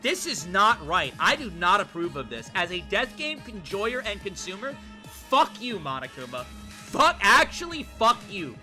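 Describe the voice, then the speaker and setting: A game streamer ranting through live commentary, swearing freely and talking straight to the chat. The voice is bright and swings widely in pitch. Faint game music plays underneath. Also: big pitch swings, a little slow. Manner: ranting, profane, chatting with viewers.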